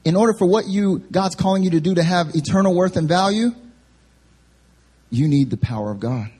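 A young adult male pastor preaching a sermon at a church service, telling a funny story about himself in an animated way. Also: high-pitched, a little fast, husky. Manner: animated, self-deprecating storytelling. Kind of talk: sermon with humorous personal story.

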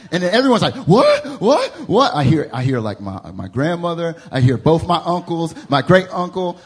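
Young Southern man preaching, husky slightly high voice, animated storyteller in a church service. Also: brisk. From American South. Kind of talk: storytelling sermon. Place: church service before a congregation.

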